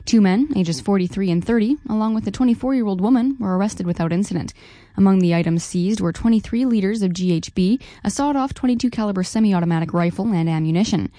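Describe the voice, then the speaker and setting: A woman anchoring the news, reading scripted stories in a measured, even way into a studio mic. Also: medium pitch, no room sound.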